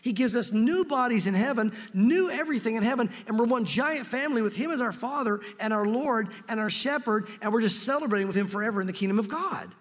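A man's voice: very high-pitched, animated, quick pace, few pauses, big-room sound. A man preaching a Bible-teaching sermon, earnest and emphatic, enthusiastic and given to restarts. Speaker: pastor.

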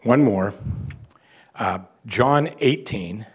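A man's voice: fairly low pitch, animated, extremely slow, husky. A man, a pastor, preaching an expository sermon in a conversational way and acting out quotes from the text.

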